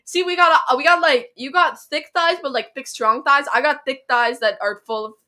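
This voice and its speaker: Young canadian girl cohosting a chatty podcast, bright voice, giggly and all over the place. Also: high-pitched, moderate pace. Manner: giggly, rambling, loud outbursts. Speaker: podcast co-host. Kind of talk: casual chat.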